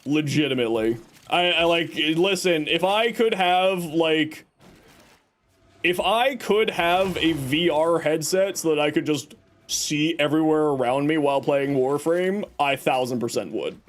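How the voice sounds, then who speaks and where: A man's voice: on the high side, measured pace. A man hosting a livestream, chatting casually and teasing as he greets viewers and reads chat. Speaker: livestream host reading chat.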